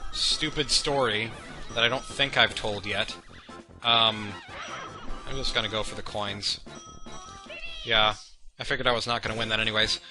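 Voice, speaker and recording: A young man giving meandering, self-deprecating commentary over gameplay, drifting into chatty tangents. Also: mid-range voice. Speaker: let's play commentator. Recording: game music under the voice. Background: game music.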